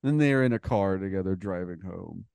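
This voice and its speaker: A man's voice: low voice, normal speed, vocal fry, darkish tone, clean tone, no room sound. A man casually riffing on a silly movie idea, laughing often and rambling loosely. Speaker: podcast co-host. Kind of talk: casual comedic brainstorming.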